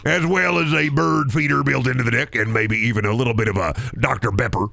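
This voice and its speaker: A man voicing a boastful everyman deck-building contractor, rambling through a swaggering sales pitch in a comedic improvised bit. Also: fast, creaky, bright, forceful tone, full character voice.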